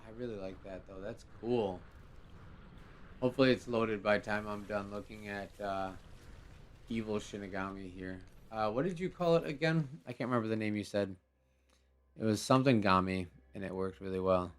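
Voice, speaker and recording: A man hosting a live game show stream, talking casually in a relaxed, rambling way with many fillers. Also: on the low side, normal speed, a little hiss or hum.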